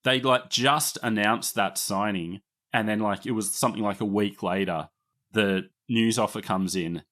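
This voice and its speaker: A man's voice: on the low side, steady tone, moderate pace, a bit bright. A man with an Australian accent hosting a history podcast, explaining at length in a chatty way and laughing easily. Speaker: podcast host. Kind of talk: casual history podcast narration.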